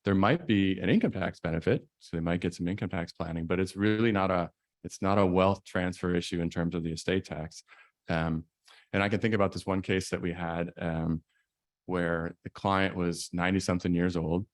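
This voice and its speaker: A man, an estate planning attorney, giving a measured, explanatory conference presentation. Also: low voice, steady tone, no echo, studio quality.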